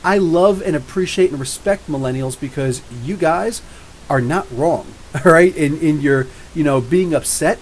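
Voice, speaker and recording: A man from New Jersey with drawn-out R's, hosting a live comics show. He rambles and jokes back at viewer comments in a slightly high voice. A faint hiss runs under the recording. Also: rough recording. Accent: New Jersey with drawn-out Ohio-style R's. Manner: rambling, jokey, talks back to chat. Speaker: podcast host.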